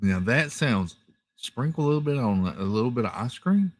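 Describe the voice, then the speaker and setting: A man hosting a casual live stream from home, reading viewer comments in a relaxed, chatty way with lots of fillers and repeated thank-yous. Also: medium pitch, normal speed, dry recording. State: tired, yawning. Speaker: livestream host. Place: home, rural area.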